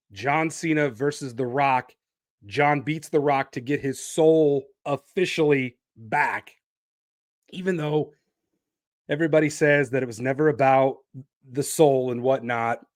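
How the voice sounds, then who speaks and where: A man's voice: mid-range voice, a little slow, dry recording, studio quality. A man hosting a solo wrestling podcast, talking animatedly and stretching out names for emphasis. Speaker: podcast host.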